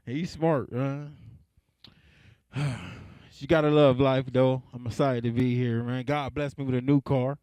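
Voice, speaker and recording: A man's voice: medium pitch, steady tone, unhurried, mellow, smooth, no echo. A young adult man doing a stand-up comedy set, laid-back, chuckling between jokes and drawing out his punchlines.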